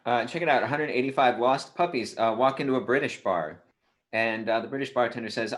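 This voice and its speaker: A man performing improv comedy from home over a video call, telling quick joke setups. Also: medium pitch, fairly bright tone.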